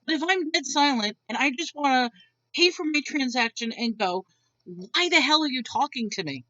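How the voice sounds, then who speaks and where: A woman's voice: high voice, lively intonation, normal speed, fairly bright tone, no room sound, muffled recording. A woman venting a blunt, exasperated rant to camera, swearing freely as she retells her day. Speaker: vlogger.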